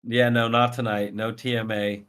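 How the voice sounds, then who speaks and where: A man's voice: mid-range voice, flat delivery, normal speed, fairly bright tone, smooth. A tired young man co-casting a live esports match, dry and teasing, breaking down the plays. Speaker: esports co-caster.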